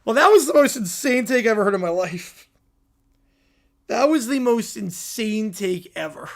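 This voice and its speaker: A man's voice: high voice, expressive, moderate pace, vocal fry. A man hosting a live sports reaction stream, chatting casually and rambling as he repeats himself. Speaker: livestream host.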